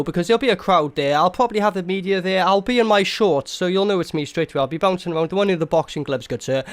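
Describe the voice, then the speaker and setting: Brief: male prank caller, high voice, mock-formal and overly polite, very animated delivery. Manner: mock-formal, exaggeratedly polite gentleman act. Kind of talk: comedic prank phone call.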